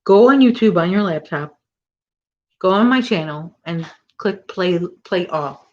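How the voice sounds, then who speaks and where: A woman's voice: on the low side, lively intonation, a little slow, a little mellow, lo-fi sound. A middle-aged woman hosting a casual crochet live stream, chatting and rambling as she reads viewer comments. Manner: chatty, rambling, self-correcting. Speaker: crochet channel host.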